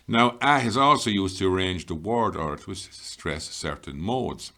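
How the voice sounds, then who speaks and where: A man teaching an Irish grammar lesson, explaining patiently and reading example sentences slowly. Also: deep voice, expressive, bright, forceful tone.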